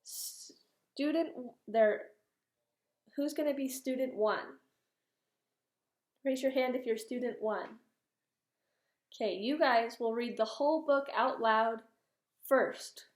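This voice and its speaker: A woman's voice: fairly high pitch, takes it slowly, long pauses. Patient woman teacher in an echoey room. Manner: clear, patient, instructive tone. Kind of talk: classroom lesson, micro-teach practice.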